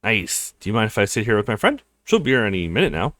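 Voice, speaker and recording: A man's voice: on the low side, sing-song, quick pace, fairly bright tone, no echo, clean studio sound. A man playing a chatty young law student. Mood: friendly. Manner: friendly and chatty.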